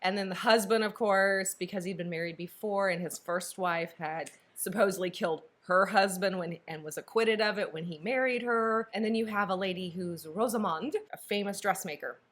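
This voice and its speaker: A woman's voice: mid-range voice, normal speed, hardly any pauses, fairly bright tone. A woman co-hosting a book review, casually retelling a story and acting out characters' lines.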